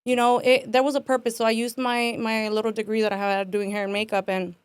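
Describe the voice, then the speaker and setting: A woman in her twenties with a somewhat high voice tells her own story as a podcast guest. She talks casually, acts out what people said, and fills her speech with "like" and "man." The sound is dry and close. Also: a little fast, clear, resonant tone, dry recording. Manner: animated, acts out quotes, frequent "like" and "man".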